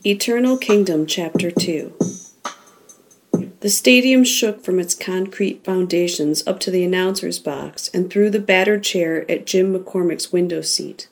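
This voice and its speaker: Audiobook narrator: woman, lower voice, measured and expressive. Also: vocal fry, soft background music.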